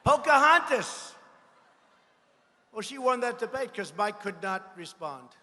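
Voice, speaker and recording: A man delivers a campaign rally speech in a bright, forceful voice pushed very high as he shouts to the crowd. He mocks his targets and repeats his phrases for effect. His voice rings with the long reverb of a large rally venue. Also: expressive, measured pace, slight background noise. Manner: boastful, mocking, repetitive phrasing; frequent shouted lines to a crowd. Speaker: politician addressing a rally.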